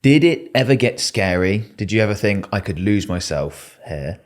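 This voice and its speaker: A man's voice: fairly low pitch, lively intonation, moderate pace. A man hosting a podcast, asking questions and giving short prompts to his guest. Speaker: podcast host. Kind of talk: interviewing.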